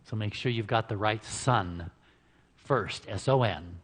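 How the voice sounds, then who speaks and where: A man's voice: on the low side, measured pace. A man giving an informal, joking talk at a church health seminar, chatting with the audience and laughing at his own lines. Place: church hall before an audience. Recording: reverberant church hall.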